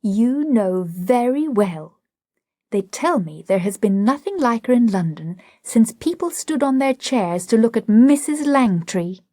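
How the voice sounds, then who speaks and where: A gushing society hostess, read by a woman, effusive and quick to exclaim over the latest gossip. Her voice is husky and breathy, recorded dry and close. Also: a little high, sing-song, dark tone, no echo. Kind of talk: audiobook drama reading.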